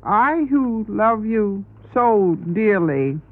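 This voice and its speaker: A woman's voice: mid-range voice, expressive, extremely slow. A woman journalist on a panel, pressing the guest with pointed questions. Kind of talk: televised panel interview. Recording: tinny archival broadcast audio.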